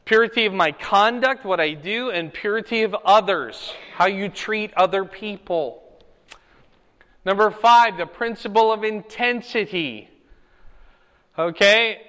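A man preaching a Bible lesson in a high, bright, ringing voice. He is emphatic and keeps asking his class "okay?". The hall carries a long reverb. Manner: emphatic, asks the room "okay?" and "right?". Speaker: pastor teaching a Bible class. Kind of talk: sermon-style Bible teaching.

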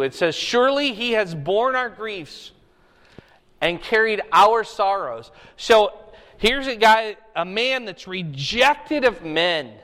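A male pastor with a notably high voice preaches in a conversational way, reading a passage and breaking it down for the congregation. He keeps checking in with the listeners as he goes. His voice rings out in a large, reverberant hall. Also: a bit bright. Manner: conversational, explaining scripture with rhetorical checks. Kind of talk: sermon. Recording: echoey hall.

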